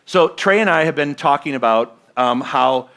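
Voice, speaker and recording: Bright-voiced man giving a sermon. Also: medium pitch, expressive, moderate pace. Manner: conversational, asks the congregation questions. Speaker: minister. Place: church sanctuary.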